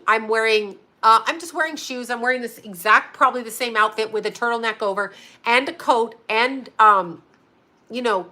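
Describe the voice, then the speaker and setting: A woman vlogger telling a story to her viewers in a casual, animated way, swearing freely and laughing often. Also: a little high.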